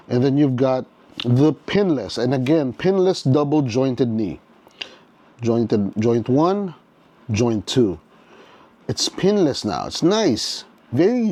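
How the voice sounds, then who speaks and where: A man giving a casual unboxing commentary, thinking aloud as he works, restarting often and checking in with "okay?", clearly enthusiastic about the toy. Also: medium pitch, warm tone. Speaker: toy reviewer.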